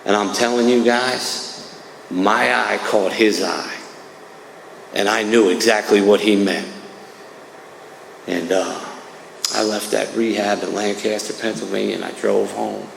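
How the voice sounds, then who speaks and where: Gravelly man sharing his story, echoey hall. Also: fairly low pitch, fairly even intonation, measured pace, pauses often, slight background noise. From New Jersey. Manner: casual, streetwise, keeps saying "man". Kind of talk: recovery meeting testimony. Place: church meeting hall. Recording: echoey church hall with long reverb.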